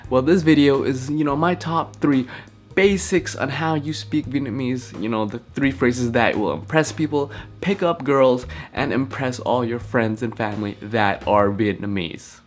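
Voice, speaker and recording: A man's voice: medium pitch, unhurried. Casual joking young man with music behind. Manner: casual, slangy, deadpan prank delivery. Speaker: vlogger. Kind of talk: joking vlog talk to camera.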